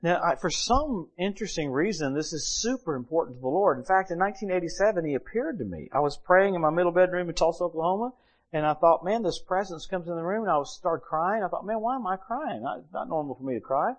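Lively middle-aged man preaching a sermon. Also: high voice, fast talker. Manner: lively storytelling with humor and Bible reading.

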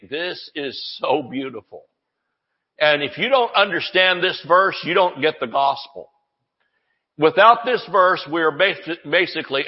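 A man preaching a sermon, excitable, jumping between quiet asides and shouted declarations. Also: mid-range voice. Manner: excitable, shouts at peaks, jokes and laughs with the congregation. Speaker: pastor. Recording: dull, echoey church recording.

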